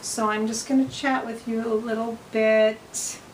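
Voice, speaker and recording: A woman's voice: a little high, flat delivery, measured pace, a little hiss or hum, low-quality recording. A middle-aged woman chatting casually to the camera at home, rambling with frequent ums and restarts. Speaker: vlogger. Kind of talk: casual home video chat. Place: her home, indoors.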